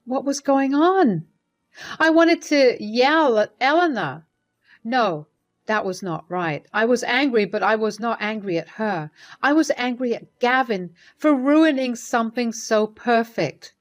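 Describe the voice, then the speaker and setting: A woman narrating a dramatic first-person story in an earnest, emotional scripted reading. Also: medium pitch.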